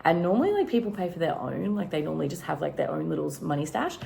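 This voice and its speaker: A woman's voice: deep voice, sing-song, fast talker, gravelly, mellow, a little hiss or hum. An Australian woman vlogging casually at home, telling a rambling story full of fillers. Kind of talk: casual chat vlog.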